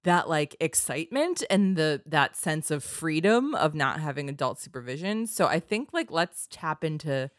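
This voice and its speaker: A woman's voice: low-pitched, big pitch swings, normal speed, few pauses, no echo, studio quality. A young woman from the United States, chatting casually and giggling, using "like" a lot. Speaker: podcast co-host, songwriter. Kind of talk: casual chat.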